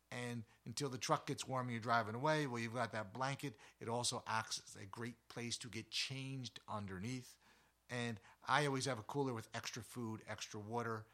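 A man talks through outdoor etiquette in a folksy, chatty manner, his voice bright and forward. He jumps up with animated emphasis, cracks jokes, and sometimes drops to a soft, hushed trail voice. It is recorded outdoors in the mountains. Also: mid-range voice. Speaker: outdoors host. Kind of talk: casual outdoor tips talk.

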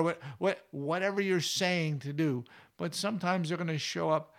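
A man's voice: on the high side, moderate pace, hardly any pauses, a bit bright. A man hosting a fishing show, giving casual advice in a chatty, folksy way with anecdotes. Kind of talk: casual instructional talk.

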